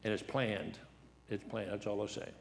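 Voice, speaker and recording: A man's voice: fairly low pitch, fairly even intonation, normal speed, a little hiss or hum. A seventy-year-old man preaching a folksy sermon in a church, joking and telling anecdotes in a worn, dried-up voice. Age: 70s. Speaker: guest preacher.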